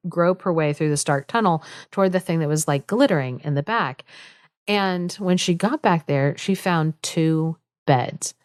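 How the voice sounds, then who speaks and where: A woman's voice: deep voice, dry recording, clean studio sound. A woman co-hosting a podcast who retells a fairy tale in a chatty way, full of asides and "like", laughing often. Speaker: podcast co-host. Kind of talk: casual storytelling chat.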